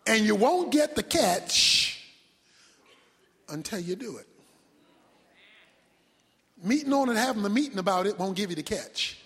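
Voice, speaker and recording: A man preaching a sermon as pastor, swinging from loud shouts down to near-whispers. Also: high voice, lively intonation, measured pace, pauses often. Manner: preaching with sudden shouts and drops to a hush. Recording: long hall reverb.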